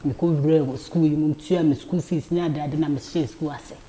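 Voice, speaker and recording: Ghanaian lady guest, warm low voice, animated storytelling, stumbles and repeats words. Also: brisk, a little hiss or hum. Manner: animated, repeats words, laughs while telling. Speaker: talk show guest. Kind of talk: casual storytelling chat.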